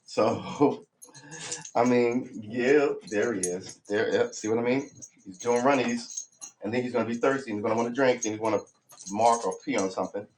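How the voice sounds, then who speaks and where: A man hosting a casual home livestream, relaxed and chatty, often coaxing his dog in a sing-song voice. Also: medium pitch, moderate pace, slight background noise. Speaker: livestream host. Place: home room.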